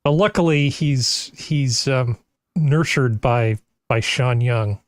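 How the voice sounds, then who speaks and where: A man's voice: medium pitch, slow pace, no room sound. A man on a podcast panel, chatting in a dry, sardonic way. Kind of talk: casual chat.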